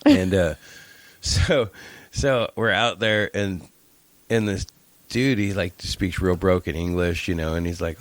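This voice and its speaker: A man co-hosting a podcast, telling a casual story in an animated way, swearing and mimicking other people in a raised voice. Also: slow, dry recording. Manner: animated, swearing, acts out voices in high pitch. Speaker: podcast co-host.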